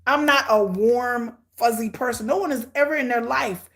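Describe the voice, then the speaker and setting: A middle-aged woman giving blunt, sarcastic, animated commentary on a reality show she is watching. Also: on the high side, moderate pace. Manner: hyperactive and energetic. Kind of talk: casual live watch-along commentary.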